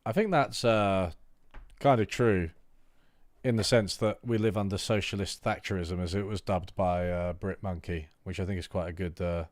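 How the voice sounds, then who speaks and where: The low-voiced man reading a political manifesto aloud on his livestream keeps a fairly even intonation, periodically stopping for loose, halting remarks full of fillers. His voice comes across close, with a dry recording and no room sound.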